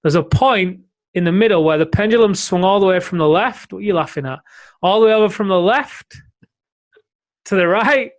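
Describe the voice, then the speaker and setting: Male podcast co-host with a fairly high voice who explains ideas in a coaching manner. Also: fairly quick. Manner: explanatory, coaching talk with frequent "right?". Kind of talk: casual podcast conversation.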